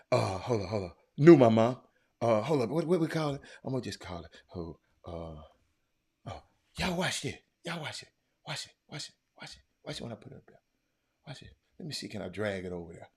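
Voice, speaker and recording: A man hosting a livestream, stammering and repeating himself, muttering low one moment and shouting the next. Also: very animated, brisk, husky. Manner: repetitive, stammering, talks straight to viewers; swings from quiet muttering to loud shouting. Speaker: livestream host. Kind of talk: casual livestream chat.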